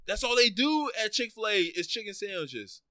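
Guy cohosting a podcast, teasing his buddies, kinda high voice, dry close mic. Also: normal speed, no echo. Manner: animated, teasing, stammers when riled up. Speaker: podcast co-host. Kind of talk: casual chat.

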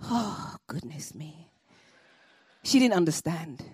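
A woman telling a personal story to an audience, animated and comic with laughing asides. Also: low voice, takes it slowly, breathy edge, no echo, clean studio sound.

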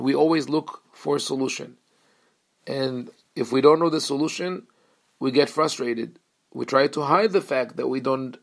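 A man teaching a Torah lesson as a rabbi, earnest and explanatory, pausing and restarting often. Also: medium pitch, gravelly.

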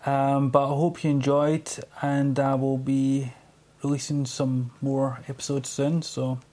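A man hosting a casual podcast, with a voice of ordinary, middling pitch. He talks in a loose, chatty way, laughs easily and swears freely as he tells his stories. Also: flat delivery, unhurried, warm tone. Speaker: podcast host. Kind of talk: casual conversation.

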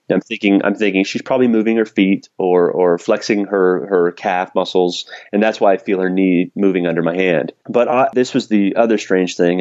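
A man's voice: deep voice, darkish tone, no echo, highs cut off. A man telling a personal story in a casual conversation, candid and self-deprecating, laughing now and then. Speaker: podcast guest.

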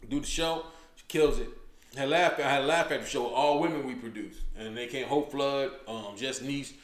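A man's voice: mid-range voice, moderate pace. A male comedian hosting his own show, telling stories in a loose, slangy, casual way and calling people "man" every few words. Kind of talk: casual podcast chat. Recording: roomy echoey room.

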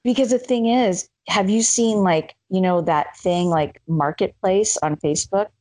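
A woman's voice: mid-range voice, unhurried, no echo, rough recording. A woman in casual chat, telling stories with lots of swearing and acting out the voices of the people she quotes. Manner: animated storyteller, swears freely, acts out quoted voices. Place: lives in Arizona.

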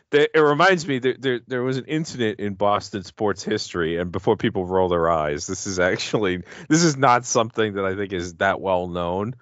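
A man's voice: on the low side, normal speed, a bit bright, dry recording, dull audio. A man co-hosting a podcast, chatting casually and laughing as he jokes about an old video. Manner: laughing, rambling, joking. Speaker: podcast co-host. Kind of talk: casual chat over a video.

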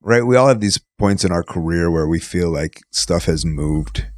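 A man with a lowish voice hosts a laid-back chat and stretches his words out when he asks questions. His voice sounds dry and close to the mic. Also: moderate pace, dry recording. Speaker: podcast host, wrestler. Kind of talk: casual interview chat.

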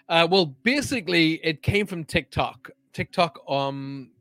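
A man's voice: fairly high pitch, lively intonation, unhurried, fairly bright tone, dry recording. A man hosting a live chat show as a psychic medium, chatty and upbeat, greeting viewers by name as he talks. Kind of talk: casual live-stream chat.

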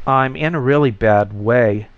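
A man's voice: on the high side, moderate pace, clean tone, voice pushed up, close to an everyday voice. A man doing a whining street beggar. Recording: slightly muffled lo-fi recording.

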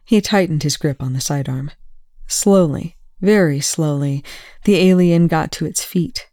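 Measured reader with a dry close sound. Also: mid-range voice, warm tone, no room sound. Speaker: audiobook reader. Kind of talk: fan fiction audiobook narration.

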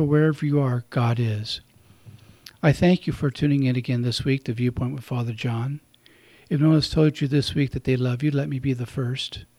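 A man, a priest hosting a radio program, giving a gentle, reflective homily and speaking directly to his listeners. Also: mid-range voice, no echo. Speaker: priest and radio show host.

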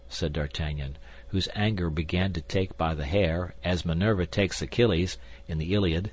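Male audiobook narrator, deep and husky, measured delivery. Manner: measured, even reading.

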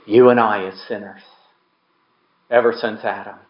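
A pastor delivers a conversational sermon in a lowish, flat voice at a moderate pace, asking the congregation questions and acting out quotations. The sound is reverberant, with the high frequencies cut off.

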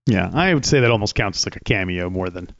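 A man's voice: deep voice, lively intonation, fast talker, creaky, a bit bright, no echo, highs cut off. A man co-hosting a casual podcast, asking questions and chatting along. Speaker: podcast co-host. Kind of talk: casual chat.

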